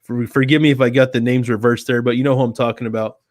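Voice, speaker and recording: A chatty man hosting a casual live stream from his home setup, speaking into a desk mic on a stand. His voice sits at a middle pitch and he rambles loosely with filler words, his tone relaxed and friendly. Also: quick pace, no room sound, clean studio sound. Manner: rambling, chatty, talks to his cat in a soft baby voice. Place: home studio with softbox light. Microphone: desk microphone on a stand.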